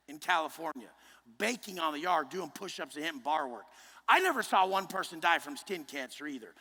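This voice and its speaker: A fairly high-voiced man with a sharp, forceful tone delivers a blunt, swear-laden motivational speech to a live group, often rising to a shout. His voice carries a long reverb from a large indoor room. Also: slightly rough. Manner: intense, blunt and heavily profane. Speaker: motivational speaker.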